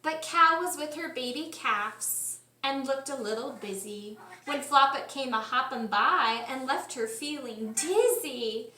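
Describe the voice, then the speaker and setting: A woman kindergarten teacher gently reading a picture book aloud to children at home. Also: sits high, a little slow, few pauses, a little hiss or hum. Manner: gentle, expressive storytime voice. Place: home room. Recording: echoey room, mic at distance.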